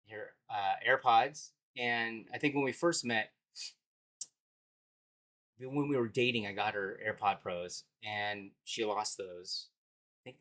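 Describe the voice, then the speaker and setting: A man in his thirties tells personal stories in a relaxed, conversational voice. He sounds reflective and laughs easily as he talks. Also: fairly low pitch. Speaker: speaker sharing life stories. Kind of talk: casual personal storytelling.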